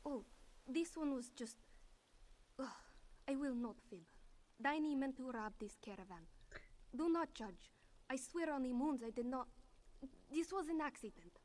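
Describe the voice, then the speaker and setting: A jittery young cat-folk thief from a fantasy game, who calls herself "this one" and pleads for help. Her voice sits very high. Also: lively intonation, measured pace, pauses often, darkish tone. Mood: flustered.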